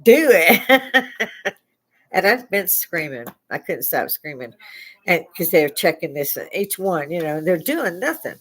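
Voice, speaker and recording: A woman's voice: low-pitched, expressive, a little slow, fairly bright tone, breathy edge. Profane, blunt woman telling a story. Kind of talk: live storytelling. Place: bar.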